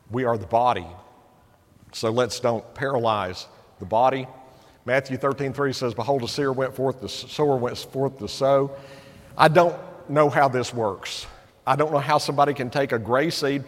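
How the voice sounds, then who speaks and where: A man with an East Tennessee accent preaches an encouraging sermon, his fairly high voice rushing through some phrases and slowing to lean on others. A long hall reverb trails each line through the sanctuary. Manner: earnest and encouraging, with quick bursts and slow emphatic phrases. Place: church sanctuary.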